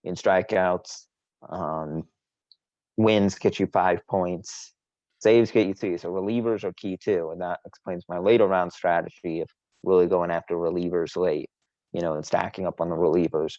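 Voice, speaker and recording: A very low-voiced man talks fantasy baseball on a casual podcast, bragging and teasing his friends. He rambles and restarts his sentences. The audio is dull and dry, recorded close. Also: fairly even intonation, normal speed, dark tone, dry recording. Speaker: podcast co-host. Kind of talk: casual sports chat.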